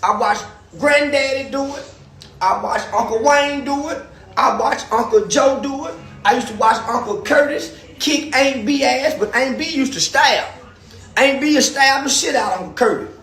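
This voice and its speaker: A man telling profane stories in an animated, ranting monologue with loud outbursts. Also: extremely high pitch, normal speed, echoey room. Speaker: commentator.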